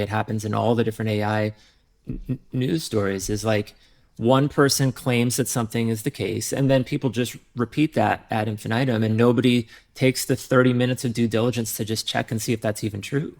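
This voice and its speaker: A man, a software founder, talking candidly in a podcast interview, rambling with many fillers and restarts. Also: medium pitch.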